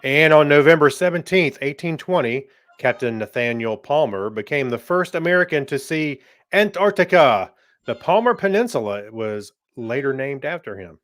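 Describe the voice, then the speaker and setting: A man co-hosting a casual podcast, easygoing and quick to laugh as he reads history notes. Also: on the high side, lively intonation, a bit bright, no echo. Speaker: podcast co-host.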